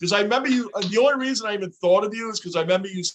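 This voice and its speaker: A man's voice: sits high, very fast, slight background noise, rough recording. A man hosting a sports fan livestream, chatting casually and grumbling about his team's play. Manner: grumbling, complaining about the game. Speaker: livestream host.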